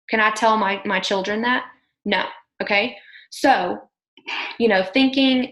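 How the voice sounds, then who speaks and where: A woman's voice: medium pitch, fairly even intonation, normal speed, gravelly, a bit bright, echoey room, poor audio. A young woman coaching her business team on a video call, emphatic and gushing, full of "like" and "okay". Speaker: team leader coaching distributors. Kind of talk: motivational video call talk.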